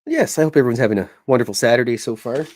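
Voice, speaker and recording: While drawing cartoons, a middle-aged podcast host from Canada keeps up a casual, wandering chat full of gags and self-deprecation. He speaks rapid-fire in a mid-range, somewhat mellow voice, and there's slight background noise.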